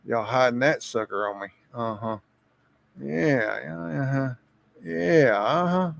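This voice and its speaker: On a casual live stream, a man thinks out loud and reacts to what's on screen, rambling, chuckling and repeating words as images come up. His average-pitched, creaky voice moves slowly and is captured close and dry with no echo.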